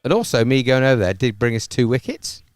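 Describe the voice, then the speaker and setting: A man's voice: mid-range voice, expressive, fast talker, no echo. A man chatting casually as a co-commentator at a club cricket match, laid-back and self-deprecating.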